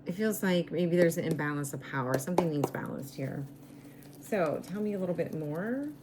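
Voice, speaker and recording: A woman reading tarot cards in a slow, musing way, her voice going raspy as she loses it. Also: lowish voice, noisy background. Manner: slow, musing, repeats herself. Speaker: tarot reader.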